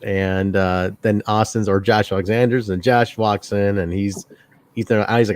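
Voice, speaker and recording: A man's voice: lowish voice, fairly even intonation, normal speed, clean tone, no echo. A man co-hosting a casual wrestling review, recapping segments, quoting lines and laughing often. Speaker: podcast co-host.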